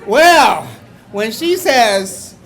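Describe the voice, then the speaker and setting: An older man from Mexico telling a story on stage to a live audience, playful and wry, now and then bursting into loud exclamations. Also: very high-pitched, very animated, drawn-out words, a faint crowd. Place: small bar venue before a live audience.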